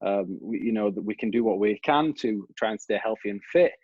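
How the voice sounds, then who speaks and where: A man's voice: fairly low pitch, a little fast, husky, no room sound, dull audio. A man with a Yorkshire accent giving a conversational academic presentation over a video call. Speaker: researcher giving a talk.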